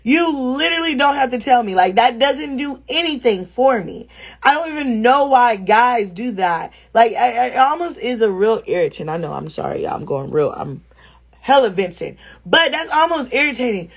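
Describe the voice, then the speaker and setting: A woman's voice: fairly high pitch, measured pace, husky. A woman telling a story on a live stream from home over her phone, talking bluntly with lots of swearing. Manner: blunt, animated, swears freely. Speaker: vlogger. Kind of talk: casual live storytelling to viewers.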